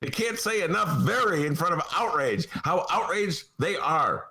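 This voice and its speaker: A man's voice: fairly high pitch, animated, normal speed, bright, forceful tone. A man with a Chicago accent hosting a podcast, ranting with theatrical mock outrage about local politics. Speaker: podcast host. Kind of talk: comic political rant. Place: home studio.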